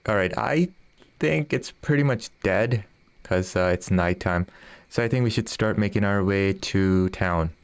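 A man's voice: fairly low pitch, unhurried, clear, resonant tone, no echo. A man chatting casually with viewers while streaming a fishing game, often laughing and reading their messages aloud. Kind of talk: casual live-stream chat.

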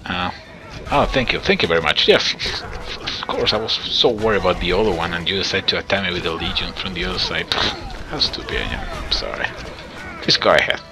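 A man giving excitable let's play commentary on a strategy game, talking straight to his viewers and chuckling often. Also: low voice, brisk. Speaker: gameplay commentator.

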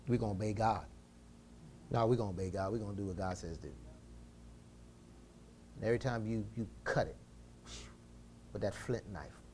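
Slight background noise sits under a man's sermon as he calls for responses from the congregation and swings between fervent yelling and low, personal tones.

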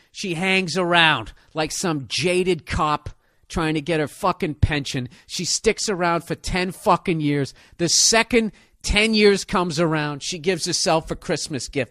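A man's voice: on the high side, a little slow, sharp tone, dry recording, studio quality. A man comedian delivering a profane, sarcastic rant in a casual monologue style. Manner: ranting, sarcastic, heavy swearing.

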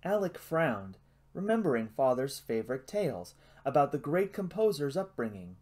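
A man narrating a novel as an audiobook in a hushed, suspenseful reading. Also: medium pitch, very animated, normal speed.

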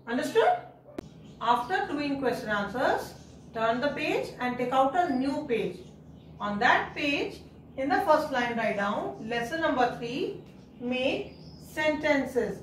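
A woman's voice: high-pitched, big pitch swings, slow, a little hiss or hum. A woman teacher, patiently guiding young children through a writing lesson, repeating and spelling words out. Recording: echoey room, mic at a distance.

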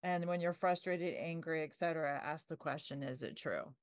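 Enthusiastic low-voiced woman in discussion. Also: moderate pace, no echo, studio quality. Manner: enthusiastic, replays her own objections in a mock voice. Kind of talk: casual group discussion.

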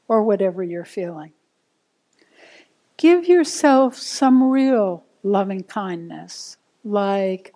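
A woman meditation teacher, giving a gentle, unhurried dharma talk to a group. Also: medium pitch, expressive.

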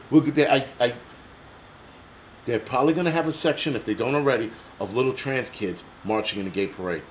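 A man's voice: fairly low pitch, brisk, slight background noise. An American man hosting a livestream, ranting angrily in a blunt, profane, heated way. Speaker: livestream host.

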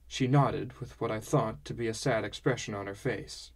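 A man calmly narrating a fantasy audiobook in the first person. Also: fairly low pitch, moderate pace, few pauses.

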